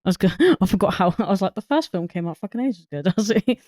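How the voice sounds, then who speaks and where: Brief: podcast co-host, middle-pitched voice, chatty and giggly, dry sound. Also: expressive, fast talker, a little mellow, dry recording. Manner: chatty, laughs often, swears. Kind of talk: casual film chat.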